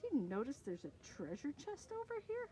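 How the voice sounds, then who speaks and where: A woman with a Canadian accent reading a picture book aloud to young children in a slow, sing-song, expressive way. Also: high voice, slight background noise. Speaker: early years storyteller.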